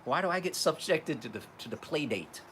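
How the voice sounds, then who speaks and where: Profane storytelling man, lively pitch. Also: fairly quick. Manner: profane, rambling anecdotes, acts out other voices in high tones. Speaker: knife sharpener streaming live. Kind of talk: casual livestream storytelling. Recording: faint background noise.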